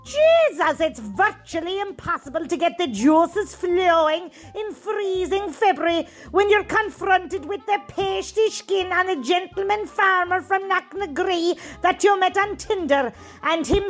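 Bawdy randy woman as an actress plays her, shrill high voice, faint music. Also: lively intonation, a little slow, fairly bright tone, exaggerated voice. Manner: brash, bawdy, shameless. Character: randy middle-aged North Cork woman. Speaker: letter writer. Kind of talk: comic monologue.

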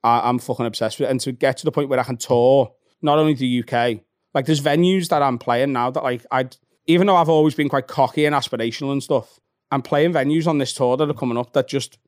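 A Scouse man in his thirties rattles through his stories at a quick clip, swearing freely and acting out little scenes. His voice sits at a middling pitch. It is recorded close and dry, with no room sound. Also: dry recording. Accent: Liverpool (Scouse). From Liverpool, England. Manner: fast, sweary, animated storytelling. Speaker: stand-up comedian, podcast guest. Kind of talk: casual chat.

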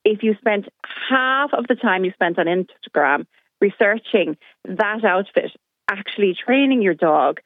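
A middle-aged woman, indignant, tells her story in a phone-in call to a radio show, heard through a tinny telephone line. She has a medium-pitched voice with lively intonation, speaks unhurriedly, and there's no echo.

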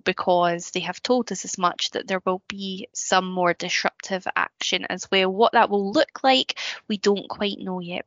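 A woman radio presenter introducing an interview in a measured news report. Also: mid-range voice, creaky, a bit bright, no echo, dull audio.

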